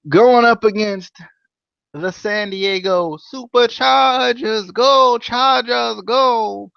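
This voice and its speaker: Podcast co-host, male, high voice, jokey and animated, muffled dry recording. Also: no echo. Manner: playful, jokey, sing-song chants. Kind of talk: casual chat, football picks.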